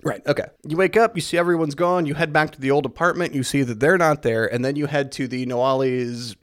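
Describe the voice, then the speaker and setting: A man's voice: fairly high pitch, brisk, dry recording. A man casually recapping a video game's plot on a podcast, swearing freely and acting out characters' lines as he goes. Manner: animated storyteller, swears a lot, acts out quoted lines. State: a bit winded. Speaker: podcast host recapping a game. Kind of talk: casual profane game recap.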